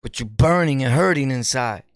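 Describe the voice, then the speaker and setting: A man with a New York accent, a streamer giving an animated, preachy commentary in street slang and laughing often. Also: mid-range voice, normal speed, no echo, studio quality. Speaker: streamer and YouTuber. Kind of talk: casual commentary monologue.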